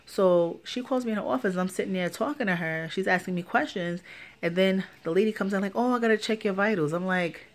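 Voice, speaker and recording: A woman's voice: medium pitch, a little fast. A pregnant young woman vlogging a casual story time, ranting with lots of swearing and acting out the people she quotes. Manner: animated, profane ranting with lively quoted dialogue.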